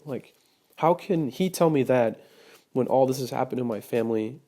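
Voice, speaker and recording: A young man sharing a personal testimony, hesitant, with many pauses and restarts. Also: mid-range voice, mellow. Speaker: testimony speaker.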